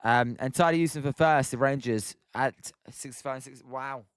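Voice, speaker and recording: A young British man hosts a live stream, calling a baseball game play by play while reading chat and talking to viewers by name. His medium-pitched voice moves at normal speed with a clean tone, captured in a dry, studio-quality recording.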